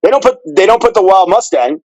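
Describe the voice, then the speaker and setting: A man guest on a podcast, telling stories in casual, profane, animated chat. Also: high voice, quick pace, no room sound, poor audio.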